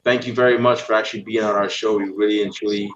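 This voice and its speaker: A man's voice: lowish voice, level tone, fast talker. A man hosting an interview show, casual and playful, cracking jokes with the guest. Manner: joking, playful. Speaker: host. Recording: roomy, dull, slightly noisy.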